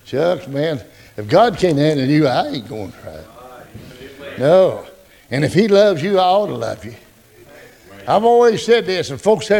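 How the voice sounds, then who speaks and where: High, lively folksy preacher man. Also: measured pace, vocal fry, pauses often. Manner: folksy, joking, animated preaching. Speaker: pastor. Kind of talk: sermon.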